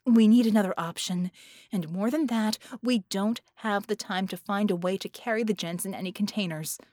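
A woman reading as a hoarse, commanding woman in an audiobook who barks instructions briskly. Her voice is worn from shouting. The recording is dry and close. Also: mid-range voice, no room sound, natural voice. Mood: urgent. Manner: brisk, barking orders.

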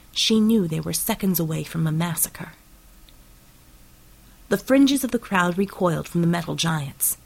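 A woman narrating an action audiobook in steady, dramatic storytelling. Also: on the low side, gravelly, rough recording.

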